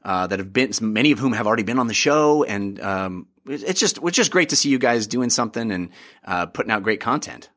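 A man hosting a podcast, upbeat and excitable, chatting casually about games with plenty of fillers. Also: on the low side, a little fast. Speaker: podcast host. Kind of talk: casual chat.

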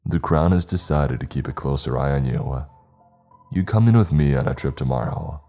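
Gruff older male monster hunter, stern and booming, deep mellow tone; narrator puts him on. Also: moderate pace, faint music behind.

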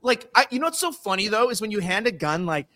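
A man hosting a live podcast, talking loudly and rambling with laughing asides. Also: high-pitched, sing-song, quick pace. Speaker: podcast host. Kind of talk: casual live-stream banter.

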